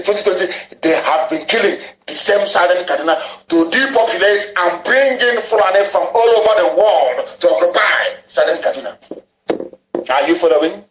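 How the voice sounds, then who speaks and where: A man's voice: sits high, a bit bright, echoey room, low-quality recording. A man giving a fiery, insulting live political broadcast, repeating himself for emphasis.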